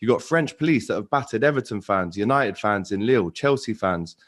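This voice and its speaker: A man's voice: on the low side, lively intonation, a little fast. Heated ranting man in casual chat. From London. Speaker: guest.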